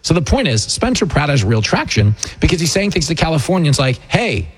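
A man hosting a talk show, ranting with sarcastic, animated, mocking political commentary. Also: a little high, fairly quick, breathy edge. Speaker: radio host and comedian.

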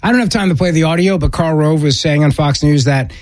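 A man hosting a political talk radio show, giving emphatic, opinionated commentary in quick bursts with frequent restarts. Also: a little high, a little mellow, no room sound.

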